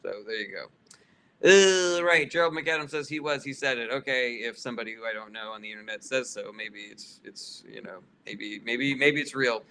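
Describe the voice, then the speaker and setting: A man's voice: medium pitch, moderate pace, bright, forceful tone, clear, resonant tone. A man hosting a casual livestream Q&A, reading viewer questions aloud and answering bluntly with swearing and frequent fillers, turning heated and sarcastic with some chatters.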